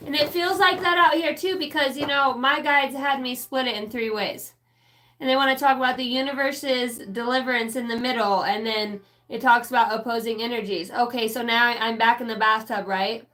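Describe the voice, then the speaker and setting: A woman's voice: fairly high pitch, steady tone, moderate pace, fairly bright tone, rough recording. A woman in her thirties giving a casual, profane, rambling live tarot reading as a channeler. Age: 30s.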